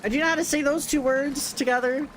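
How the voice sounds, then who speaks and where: A young man chatting excitedly while streaming a video game, with sudden jumps in pitch. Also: fast, slight background noise. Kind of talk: casual gameplay commentary.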